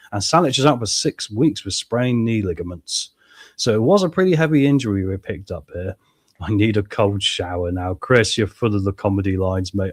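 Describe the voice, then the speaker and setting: An excitable man, chatting casually to viewers as he plays a football management game, his voice a little strained from shouting. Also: lowish voice. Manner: excitable, chatty, addresses viewers as mates and guys. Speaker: gaming YouTuber playing a football management game. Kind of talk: casual gameplay commentary.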